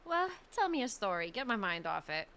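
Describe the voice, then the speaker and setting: A woman's voice: mid-range voice, big pitch swings, fairly quick, pushed and bright, slight background noise. A woman playing a frustrated young woman who talks bluntly and casually, with plenty of "like" and "literally," in live role-play. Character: frustrated young woman after losing a court case.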